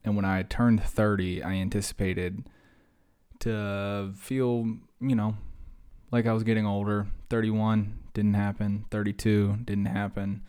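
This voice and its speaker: A man's voice: lowish voice, little pitch movement, a little slow, warm tone, clean tone. A man in his thirties hosting a casual solo podcast, rambling and self-mocking, slightly wheezy after a workout. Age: 30s. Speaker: podcast host.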